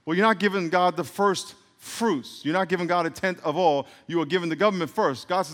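Joking pastor preaching in a reverberant hall. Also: male voice, a little high, animated, a little fast. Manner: joking, rambling asides, laughs at himself. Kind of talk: sermon with call-and-response. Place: church sanctuary.

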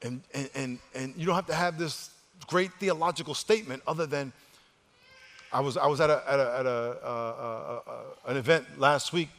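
The long reverb of a big church hall surrounds a male pastor preaching at normal speed in a medium-pitched voice. With his congregation in the sanctuary, he shifts from loud exhortation to quiet, hushed passages, leads call-and-response, and restarts lines by repeating words.

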